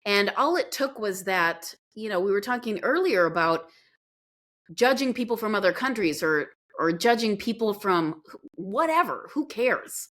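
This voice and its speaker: A woman guest in an interview, telling a story in an earnest, animated way. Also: mid-range voice, normal speed. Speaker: podcast guest.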